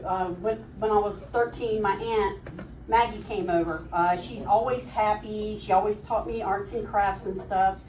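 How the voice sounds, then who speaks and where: A woman's voice: medium pitch, a little mellow, distant mic, a little hiss or hum. A woman telling jokes at an open mic comedy night, rambling and laughing at her own punchlines. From Florida, USA. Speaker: stand-up comedian. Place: comedy club stage. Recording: echoey room recorded from afar.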